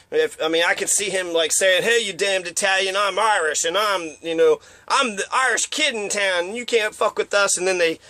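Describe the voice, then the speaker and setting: Casting: a man with a high, bright voice, rambling and profane in a casual rant, recorded dry and close. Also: no room sound. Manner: profane, rambling, mocks others with put-on voices. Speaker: commentator.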